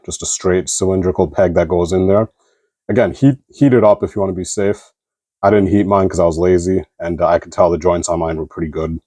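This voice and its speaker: A man with a deep, mellow voice talks through a figure review in an easygoing, rambling way. He leans on fillers and loose asides. The sound is close and dry, with no room around it. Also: dry recording. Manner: relaxed, rambling, frequent fillers. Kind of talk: casual product review.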